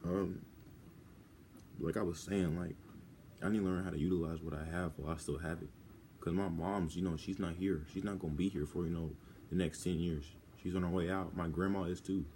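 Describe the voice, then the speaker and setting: Teenage boy, low dark voice, personal vlog, rambling and halting, close to tears, faint background noise. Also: steady tone. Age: teens. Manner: rambling and halting, many restarts and fillers. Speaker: vlogger.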